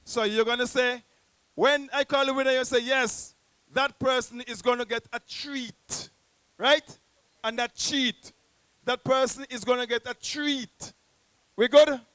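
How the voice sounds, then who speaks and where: A man's voice: very high voice, steady tone, a little slow, a bit bright, clear, resonant tone, dry recording. A man with a Nevisian accent hosting a poetry event in a public square, rousing the crowd like a theatrical announcer. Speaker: host. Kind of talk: live event emcee.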